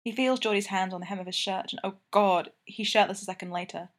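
A woman narrating a romance novel as an audiobook, in steady, intimate storytelling. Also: medium pitch, fast.

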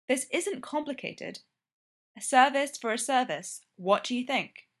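A woman reading the lines of a cool, commanding female spy, calm and clipped. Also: high voice, unhurried, voice pushed up.

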